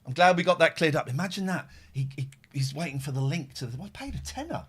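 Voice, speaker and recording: A man hosts a casual podcast, cursing his way through heated anecdotes. His voice sits slightly high and swoops widely up and down as he talks. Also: fast talker, breathy edge. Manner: animated, heavy swearing, telling angry anecdotes. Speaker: podcast host. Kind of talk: casual chat.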